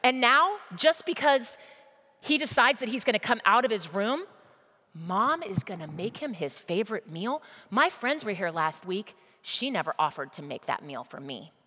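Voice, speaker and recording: A woman's voice: medium pitch, big pitch swings, moderate pace, pushed and bright. A resentful teenage older brother, voiced by a woman preacher pours out indignant grievances. His voice rings with a long reverb, as if in a large hall.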